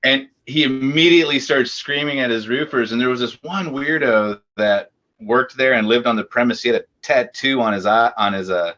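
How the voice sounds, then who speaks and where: A man, a co-host telling a rambling, halting story in a casual interview chat. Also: mid-range voice, sharp tone, dull audio.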